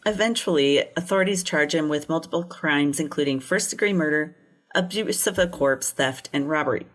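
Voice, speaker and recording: A woman's voice: deep voice, normal speed. A woman co-hosting a podcast, telling a true crime case in a casual way and laughing often. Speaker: podcast co-host.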